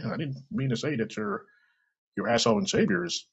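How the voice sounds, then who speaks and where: A man's voice: high voice, big pitch swings, brisk, gravelly, breathy edge. A man hosting a solo podcast, rambling and swearing freely with self-mocking asides. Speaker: podcast host. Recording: dull lo-fi recording.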